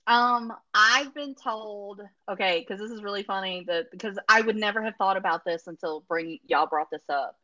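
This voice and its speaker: A woman's voice: medium pitch, normal speed, hardly any pauses, sharp tone, no room sound, dull audio. A woman talking bluntly and with a lot of swearing in casual podcast chat. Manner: blunt, profane.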